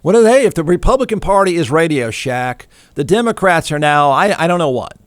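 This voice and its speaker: Man, middle-aged talk host, sarcastic mocking rant, fairly high voice, dry close mic. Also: brisk, no room sound. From Texas. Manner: sarcastic, mocking, animated rants with sudden pitch jumps. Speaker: radio talk show host. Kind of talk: snarky political commentary monologue.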